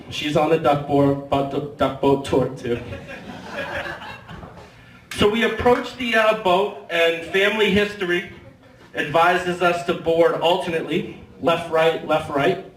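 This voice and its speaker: A man with a high voice does stand-up comedy in a bar, spinning a wry, profane story. His voice is caught from a distance, in an echoey room with a faint hum of ambience behind it. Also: fairly bright tone. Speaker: stand-up comic. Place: bar stage.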